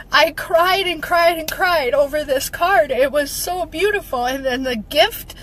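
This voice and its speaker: Woman vlogger, slightly high voice, emotional and rallying, repeats her lines for emphasis, close to tears. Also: fairly bright tone, low-quality recording. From Minnesota. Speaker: motivational vlogger. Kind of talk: heartfelt direct-to-camera update.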